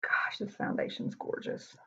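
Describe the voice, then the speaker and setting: Unhurried and a bit bright, a woman chats frankly through a laid-back makeup tutorial as a beauty vlogger. She says "y'all" a lot, and the recording sounds dull and lo-fi.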